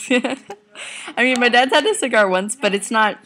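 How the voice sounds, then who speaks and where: A woman's voice: a little high, fairly quick, bright, forceful tone. Teen girl vlogger, rambling and giggly, lying on a home couch, close webcam. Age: teens. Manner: rambling, giggly, talks to viewers and family off camera. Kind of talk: casual chatty video reply.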